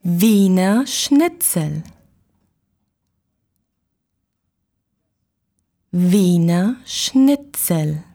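Woman with a warm, dark voice modeling words for a language lesson; very slow, careful and drawn-out. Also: lowish voice, animated. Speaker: pronunciation model.

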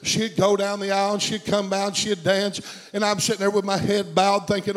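A high-pitched man delivers a storytelling sermon. He circles back on his phrases and builds fervor as he preaches, in the manner of a middle-aged pastor. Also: level tone, brisk, rough recording. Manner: storytelling preacher, fervent and repetitive.

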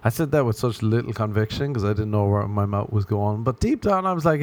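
A man's voice: on the low side, animated, fairly quick, hardly any pauses, darkish tone. A man with an Irish accent hosting his own podcast, rambling through a self-mocking comic monologue and slipping into acted inner voices. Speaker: podcast host.

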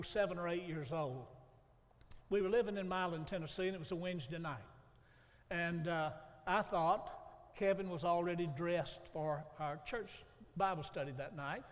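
Man, pastor, folksy preaching, high voice, reverberant church hall. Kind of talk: sermon.

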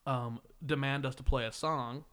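Dude hosting a podcast, rambles thru stories, keeps laughing, regular mid voice. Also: male voice, mid-range voice, fairly even intonation, moderate pace, fairly bright tone, clear, resonant tone. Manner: rambling storyteller, laughs often mid-sentence. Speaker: podcast host. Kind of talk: casual podcast chat.

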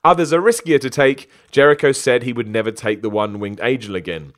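A man's voice: medium pitch, a little fast. A man, a wrestler, reading out viewer questions and answering them in a rambling, self-deprecating way, often stumbling over names. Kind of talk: casual Q&A chat, reading messages aloud.

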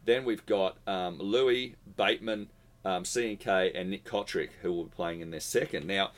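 Man, low pitch, casual sports podcast co-host, chatty. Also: moderate pace. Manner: chatty, reels off player lists.

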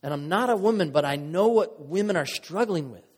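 A man delivers a sermon to his congregation in an earnest, conversational way, mixing emotion with playful asides. His voice sits slightly high. Long reverb from a large hall trails behind his words. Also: animated, brisk, darkish tone, husky. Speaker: pastor.

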